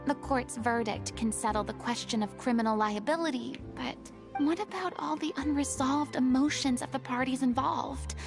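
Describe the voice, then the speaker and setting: High-voiced grandiloquent ex-diva, showy and poised. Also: female voice, normal speed, vocal fry, hardly any pauses, music in the background. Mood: reflective. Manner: theatrical, flowery and dramatic. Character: grandiloquent young woman, former stage diva. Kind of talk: video game voice acting.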